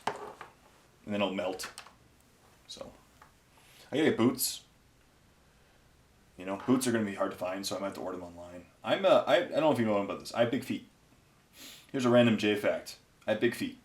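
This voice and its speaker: A man's voice: fairly low pitch, expressive, brisk, long pauses. A tired man hosting a miniature-painting show at home, chatting in a rambling, offhand way. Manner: rambling, offhand, self-amused. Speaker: painting channel host. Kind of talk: casual chat while painting miniatures. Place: home, near a garage. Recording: roomy echo.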